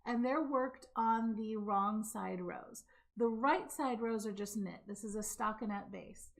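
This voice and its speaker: A woman hosting a live craft show, chatting casually to camera and demonstrating a knitting stitch, talkative and quick to laugh. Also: mid-range voice, gravelly. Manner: chatty, laughing, hyper and fast when excited. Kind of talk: casual live-stream chat and knitting demo. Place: home craft room, speaking to camera. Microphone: camera mic.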